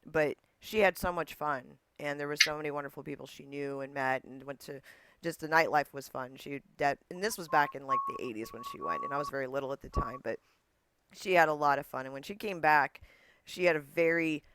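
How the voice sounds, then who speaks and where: A man with a fairly high, smooth and resonant voice, recorded close and dry. He tells stories in an animated way, laughing often and acting out what others said. It sounds like a guest in a relaxed chat. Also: brisk, no echo. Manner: animated storyteller who laughs often and acts out quotes. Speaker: interview guest. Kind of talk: casual interview chat.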